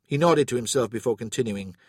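A man narrating an audiobook in a steady, even storytelling manner. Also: mid-range voice, brisk, slightly rough, no room sound, studio quality. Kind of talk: scripted narration.

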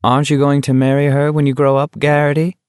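A man's voice: on the high side, little pitch movement, fast, smooth, no room sound, clean studio sound, pitched above the performer's own voice, natural voice. A man voicing a young male walker who taunts and needles his rival in a sly, mocking way. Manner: sly, mocking, soothingly condescending.

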